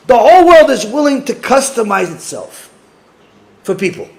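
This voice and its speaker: A man teaching as a rabbi, telling a story with animated quoted voices and using Hebrew religious terms in English. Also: very high voice, normal speed. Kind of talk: Torah class.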